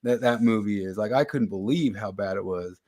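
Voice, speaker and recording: A man's voice: on the low side, fairly quick, warm tone. A man in casual podcast chat, rambling and trailing off into fillers. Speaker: podcast co-host.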